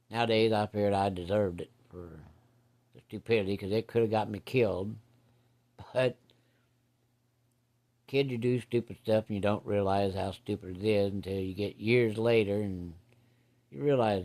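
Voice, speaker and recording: A man's voice: on the low side, steady tone, measured pace, long pauses, darkish tone. A man telling a rambling, plainspoken story from his childhood in casual, salty farm slang.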